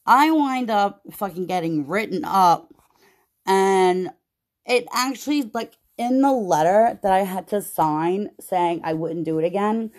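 A woman podcast host venting about her job in a casual, profane, animated way, with many "like"s. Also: mid-range voice. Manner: profane, animated storytelling with lots of "like".

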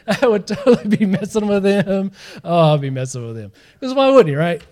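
A man preaching a sermon, telling the story in an animated way, acting out the scenes and laughing along. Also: sits high, brisk. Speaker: pastor.

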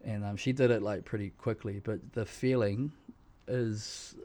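A man's voice: on the low side, steady tone, measured pace, mellow. A New man co-hosting a podcast, telling stories in a rambling, casual way with lots of fillers and laughs. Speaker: podcast co-host. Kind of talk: casual chat.

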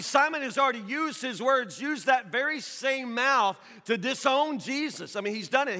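A man delivers a sermon in a strikingly high, sharp voice. He talks to the congregation conversationally, poses questions and hammers points home through repetition. His words ring out with a long echo through a large hall. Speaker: pastor.

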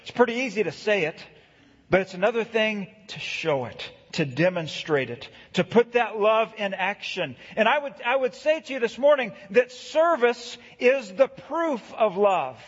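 A middle-aged man preaching a sermon, earnest, slowing down to read scripture and building emphasis. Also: high-pitched, big pitch swings, slightly rough. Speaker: pastor. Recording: echoey hall, dull lo-fi sound.

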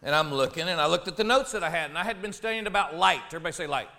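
A man, a pastor telling a funny personal story in a sermon, animated and jokey, dropping low then shouting. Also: quick pace, creaky, a little hiss or hum.

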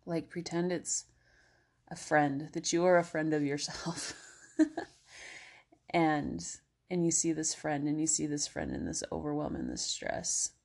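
A woman hosting a casual self-help podcast, talking in a gentle, encouraging way with many fillers and slipping at times into soothing guided relaxation. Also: low voice, lively intonation, measured pace, vocal fry. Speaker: podcast host.

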